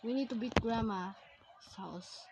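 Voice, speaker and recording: A woman playing a horror game, pleading, yelling and shrieking at it as she goes. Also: fairly high pitch, measured pace, very noisy. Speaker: gamer. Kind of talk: horror game playthrough commentary.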